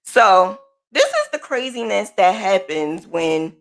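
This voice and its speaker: A woman's voice: mid-range voice, big pitch swings, slow pace. A woman podcast host from the United States, telling a personal story in a casual, emphatic way and repeating her points.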